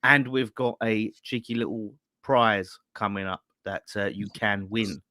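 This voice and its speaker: A man hosting a casual football fan show over a pint, talking in a lively way and laughing often. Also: lowish voice, unhurried, no room sound, clean studio sound. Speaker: fan channel host. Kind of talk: casual pub-style football chat.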